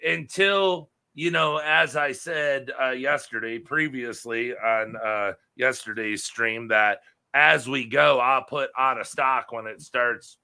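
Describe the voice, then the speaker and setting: A man co-hosting a casual livestream, his voice gravelly with a bright edge. He rambles through stories with plenty of fillers and restarts. The talk is relaxed and unscripted. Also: medium pitch. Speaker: shrimp breeder and livestream co-host.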